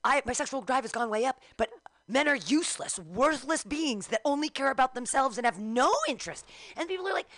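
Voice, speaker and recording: A middle-aged woman co-hosting a frank, profane chat show, her rants animated and blunt. The sound is dry and close, with no room around her voice. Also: high voice, fairly quick, no echo. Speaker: podcast co-host.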